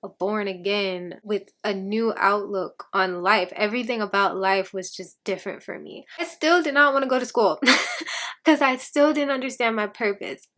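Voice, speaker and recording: Animated young woman telling her story. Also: medium pitch. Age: young adult. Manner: animated storytelling, acts out quoted dialogue; laughs often between phrases. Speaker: vlogger. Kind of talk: personal testimony to camera.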